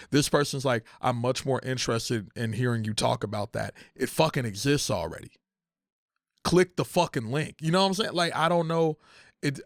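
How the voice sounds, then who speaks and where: Young man, content creator, venting hard and cursing, dry close mic, mid pitch. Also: no echo. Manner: heated, profane, repeats phrases, rising to near shouting. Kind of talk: emotional casual rant.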